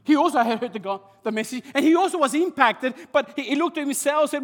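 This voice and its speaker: An impassioned male pastor delivers a sermon in a high voice, often doubling words as he builds momentum. His words ring through a hall with a long, trailing reverb. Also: lively intonation, quick pace, few pauses, fairly bright tone. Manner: impassioned, repeats words when stirred.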